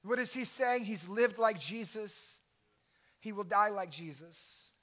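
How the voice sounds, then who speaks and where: Bright-voiced impassioned male preacher. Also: high voice, expressive, takes it slowly. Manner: impassioned preaching, rising to shouts. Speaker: pastor. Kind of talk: sermon.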